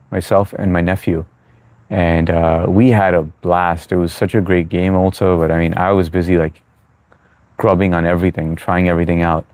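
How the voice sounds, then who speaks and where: Guy doing a livestream q&a, deep voice, lots of ums, friendly and reassuring, dry sound. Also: a little mellow, dry recording. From United States. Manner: chatty, reassuring, reads chat aloud, many fillers. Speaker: livestream host. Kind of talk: live chat Q&A. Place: New York.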